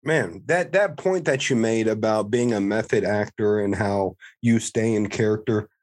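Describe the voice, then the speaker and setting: Casting: man co-host, fairly low voice, casual and jokey. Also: moderate pace, a little mellow. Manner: loose, joking, swears casually. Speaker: podcast co-host. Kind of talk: casual interview chat.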